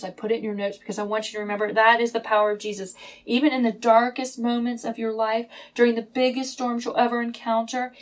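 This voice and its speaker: A woman's voice: a little high, low-quality recording. Dramatic woman preaching a sermon. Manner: dramatic storytelling, shifting between hushed and emphatic. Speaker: Bible teacher.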